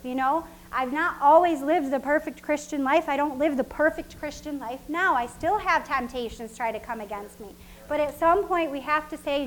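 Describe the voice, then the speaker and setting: In a rough recording, a woman with a high voice delivers a sermon at normal speed in a chatty, repetitive way, laughing frequently as she goes.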